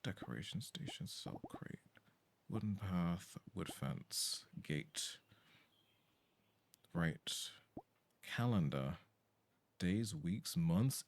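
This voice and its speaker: Male game streamer, deep-ish casual voice, swears freely, desk mic, faint background noise. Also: expressive, extremely slow, pauses often. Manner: casual, sweary, reads game text aloud. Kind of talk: live game-stream commentary.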